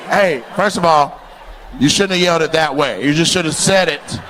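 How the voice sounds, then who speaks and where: A male comedian works the crowd from a club stage, brash and teasing, breaking into laughs as he talks. His voice sits high for a man. A live audience murmurs and laughs faintly behind, with light background noise. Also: normal speed. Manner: teasing, brash, often laughing mid-line. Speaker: stand-up comedian. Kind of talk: crowd work stand-up. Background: audience laughter and clapping.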